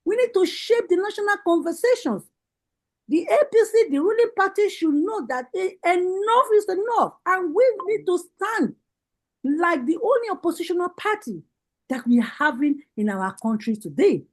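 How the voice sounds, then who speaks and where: Impassioned high-voiced Nigerian woman. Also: big pitch swings, normal speed, poor audio. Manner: impassioned, repetitive rallying calls. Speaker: party women's leader giving a speech. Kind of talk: rallying political speech. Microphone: video call.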